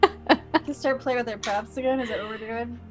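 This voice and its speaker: A woman player at a tabletop game, giggly and animated as she chats. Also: fairly high pitch, fairly quick, faint music behind. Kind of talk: casual chat.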